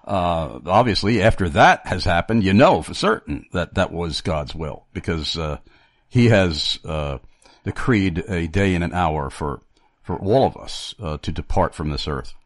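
A man hosting Christian radio talk, reflective and halting, with many fillers. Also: deep voice, animated, dry recording.

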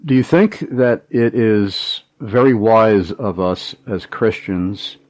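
A man hosting a Christian call-in radio show, asking long, winding questions broken by frequent "uh" pauses. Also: on the low side, dry recording. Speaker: radio talk show host.

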